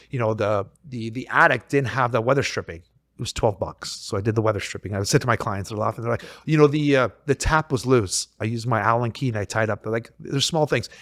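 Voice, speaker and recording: A man's voice: medium pitch, dry recording, studio quality. A man working as a realtor, chatting casually on a podcast and telling a story in which he acts out what the other people said. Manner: animated storytelling, acts out quoted exchanges.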